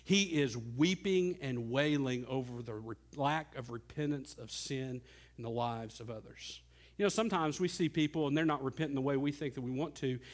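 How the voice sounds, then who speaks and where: In his sermon, a middle-aged male pastor speaks with sincerity, his voice dropping soft and low at times and building loud and high at others.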